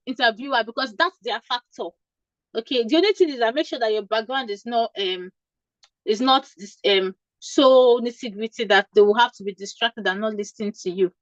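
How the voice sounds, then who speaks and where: A woman's voice: a little high, dry recording, lo-fi sound. A woman from Nigeria giving informal interview advice to nurses, emphatic and repeating her points with frequent "okay?" checks. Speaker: career coach for nurses.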